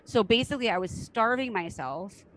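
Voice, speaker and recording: A woman's voice: fairly high pitch, lively intonation, moderate pace, a bit bright, low-quality recording. A middle-aged woman hosting a casual interview podcast, frank and enthusiastic and swearing now and then. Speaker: podcast host.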